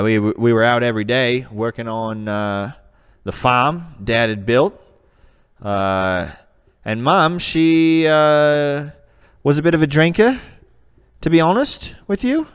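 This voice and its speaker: A man's voice: mid-range voice, smooth, lightly acted. A man voicing a rambling young man from the Australian outback with a put-on Australian accent, hesitant and full of fillers, in a comedy character vlog.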